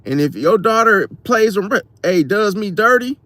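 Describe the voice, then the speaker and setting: A man telling a story in a casual vlog, slangy and profane, talking straight to his viewers with lively emphasis. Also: high-pitched, measured pace, dry recording. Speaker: astrology vlogger.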